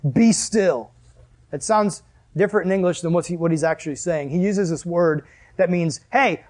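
A man with a high voice preaches a sermon as a pastor. He is animated and jokey, laughing between points.

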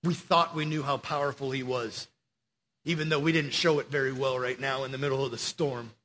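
A man preaching a casual sermon to young people, slangy and animated as he tells the story. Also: mid-range voice, fairly quick, slight background noise.

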